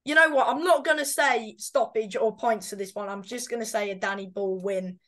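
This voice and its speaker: A woman's voice: on the high side, fairly quick, a bit bright. A woman co-hosting a casual boxing predictions chat, talking in a hesitant way with frequent fillers and self-corrections. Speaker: boxing pundit co-host.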